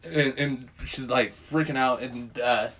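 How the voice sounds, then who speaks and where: A man's voice: medium pitch, fairly even intonation, unhurried, fairly bright tone, slightly rough. A man recapping a film in loose, rambling casual chat. He swears freely and acts out bits of dialogue along the way. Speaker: podcast co-host recapping a film.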